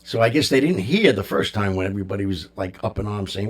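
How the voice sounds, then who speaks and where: A man's voice: on the low side, animated, quick pace, hardly any pauses. A man hosting a music talk show, rambling casually in an opinionated, jokey way. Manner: chatty, opinionated, jokey, lots of fillers.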